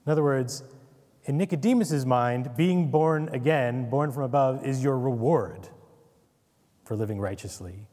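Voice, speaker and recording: Guy teaching bible study, laid back and chatty, warm low tone, big echoey hall. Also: measured pace. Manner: conversational, asks "right?" often, wry asides. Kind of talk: casual Bible study lecture.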